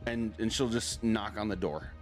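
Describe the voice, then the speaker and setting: A man's voice: fairly low pitch, steady tone, moderate pace, soft background music. A man running a tabletop game as game master, talking in a casual, rambling way and laughing often.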